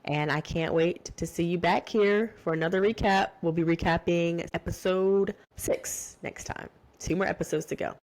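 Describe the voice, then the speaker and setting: A woman hosting a solo podcast, talking casually and warmly with lots of "like"s and restarts. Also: fairly low pitch, moderate pace, hardly any pauses. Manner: chatty and heartfelt, many "like"s and restarts. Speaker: podcast host.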